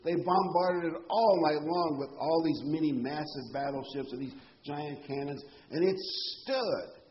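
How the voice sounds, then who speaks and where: A man's voice: a little high, steady tone, moderate pace, slight background noise. A man preaching a sermon to a congregation, emphatic and full of rhetorical questions. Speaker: pastor. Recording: roomy, dull hall sound.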